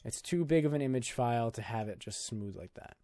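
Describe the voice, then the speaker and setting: A man's voice: mid-range voice, a little fast, warm tone, no echo, clean studio sound. A young man hosting a casual screen-recorded video editing tutorial, talking in a loose, jokey, filler-heavy way. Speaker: YouTube tutorial host.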